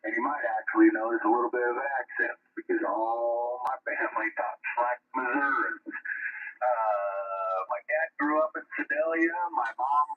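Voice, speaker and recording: A man from Oregon acting as a radio net controller, relaxed and friendly, speaking in radio codes. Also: medium pitch, moderate pace. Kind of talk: casual radio chat. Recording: radio transmission with a narrow phone-like sound.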